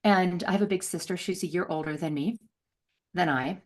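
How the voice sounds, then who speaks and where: A middle-aged woman telling a personal story as an interview guest, laughing often and acting out voices with big jumps in pitch. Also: normal speed. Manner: laughs often, many fillers.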